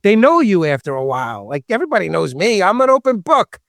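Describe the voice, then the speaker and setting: A man with a Long Island New York accent and a loud, distinctive voice, joking and chatting as a podcast host. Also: high voice, fast talker, gravelly, dry recording, clean studio sound. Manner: animated, joking, talkative. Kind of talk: casual podcast chat.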